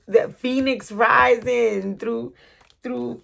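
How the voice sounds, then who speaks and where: A middle-aged woman giving a spontaneous tarot reading, excitable and full of slang, laughing and breaking into snatches of song. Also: on the high side, slow, gravelly. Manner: excitable, laughing, slang-heavy, bursts into singing. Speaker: tarot reader.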